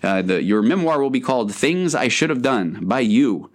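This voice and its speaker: A man's voice: mid-range voice, lively intonation, moderate pace, close to an everyday voice. A man voicing shame as a slick greaser man who talks in a sly, mocking, casual way.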